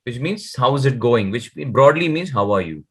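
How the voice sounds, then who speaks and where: A man's voice: medium pitch, lively intonation, a bit bright, breathy edge. Man teaching over a video call. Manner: patient, explains slowly, models Dutch words very slowly. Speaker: Dutch language teacher. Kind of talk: online one-to-one language lesson.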